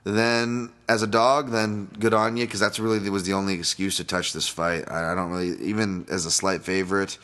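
A man's voice: sits low, little pitch movement, moderate pace, hardly any pauses, fairly bright tone. A man hosting a solo podcast, talking through upcoming fights in a loose, rambling way, swearing often and laughing at his own asides. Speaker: podcast host and fight analyst. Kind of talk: casual solo podcast breakdown.

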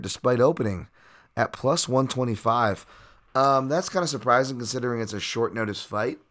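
Lowish-voiced man rambling through picks. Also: a bit bright. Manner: rambling, filler-heavy, occasional profanity. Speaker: podcast host and fight analyst. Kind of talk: casual betting breakdown monologue.

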